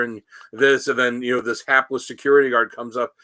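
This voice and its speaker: A man co-hosting a podcast, with a bright, tense-edged voice recorded close and dry. He rambles through his stories, leaning on fillers and restarts. The talk is loose and casual. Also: mid-range voice, steady tone, brisk, no echo. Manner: rambling, many "you know" fillers. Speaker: podcast co-host. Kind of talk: casual chat, retelling comic scenes.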